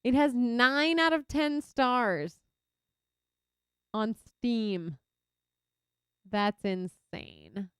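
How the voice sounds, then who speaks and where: A young Texan woman streaming a game and chatting casually, reacting loudly to her viewers. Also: a little high, drawn-out words, long pauses, smooth, no echo, studio quality. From Texas. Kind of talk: casual chat while gaming.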